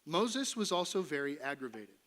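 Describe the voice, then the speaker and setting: A man's voice: a little high, sing-song, moderate pace, fairly bright tone. Playful pastor preaching to his church. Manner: conversational, playful, acts out voices of Moses and God. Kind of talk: sermon. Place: church sanctuary.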